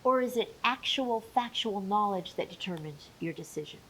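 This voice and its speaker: A woman educator giving an emphatic, clear talk on menopause with playful asides. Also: mid-range voice, animated, normal speed, fairly bright tone, slight background noise, low-quality recording.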